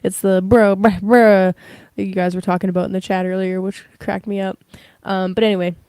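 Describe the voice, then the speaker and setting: A woman's voice: mid-range voice, little pitch movement, a little fast, darkish tone, smooth, no room sound. A young woman giving a casual livestream tarot reading, rambling with many fillers. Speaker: tarot reader.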